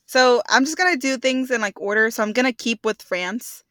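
A young woman co-hosting a podcast in casual chat, playful and quick to laugh. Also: a little high, a bit bright, no echo. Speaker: podcast co-host.

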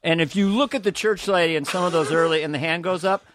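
A man's voice: on the high side, fast, no echo. Male comedian guest, storytelling, jumps into impressions; dry, close mic. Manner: animated, slips into quoted voices, swears. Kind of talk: casual podcast interview storytelling.

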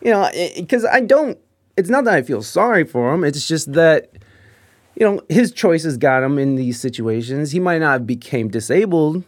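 Fast-cursing man telling a rambling story. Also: on the high side, no echo, clean studio sound. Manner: profane, rambling, animated, with frequent restarts. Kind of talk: casual anecdote.

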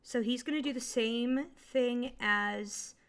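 Game master woman, slightly high voice, laughs a lot, lots of ums. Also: slow pace, a bit bright, clean tone. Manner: laughs often, hesitant with fillers. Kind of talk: narrating a tabletop game.

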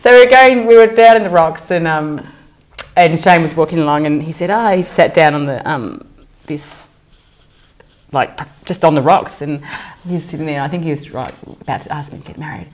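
A middle-aged Australian woman with a low voice chats as a guest in a casual interview. She is self-deprecating and talks in loose runs full of fillers and restarts. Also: moderate pace.

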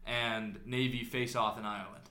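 A man's voice: medium pitch, steady tone, normal speed, bright, forceful tone, reverberant. A man co-hosting a casual sports podcast, joking and laughing often. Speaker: podcast co-host.

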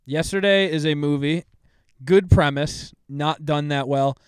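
Clear-voiced man, loose and profane. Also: fairly high pitch, unhurried, no echo, studio quality. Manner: loose and profane, retells movie plots with lots of fillers. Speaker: podcast co-host. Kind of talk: casual podcast chat.

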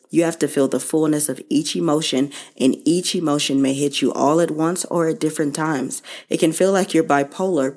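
A woman hosting her own show, speaking slowly and earnestly to listeners about losing her mother and how to grieve. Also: low voice, darkish tone. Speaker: podcast host. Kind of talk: personal reflective monologue.

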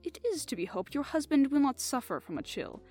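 A woman reading aloud, voicing a fussy, polite middle-aged male detective who speaks with courteous, soft reproof. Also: sits high, very animated, a little fast, soft background music. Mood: genteel.

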